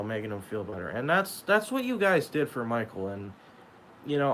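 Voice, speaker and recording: A young man talking in an emotional vlog monologue, halting and repeating himself as he speaks of loss. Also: medium pitch, fairly bright tone, slight background noise, poor audio. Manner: halting, repeats and restarts, sad. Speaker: YouTuber.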